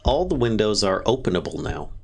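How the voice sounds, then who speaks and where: A man narrating as the dungeon master of a tabletop game, chuckling often and pausing to restart his sentences. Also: on the low side, gravelly, slight background noise. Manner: laughs often, relaxed and unhurried with restarts.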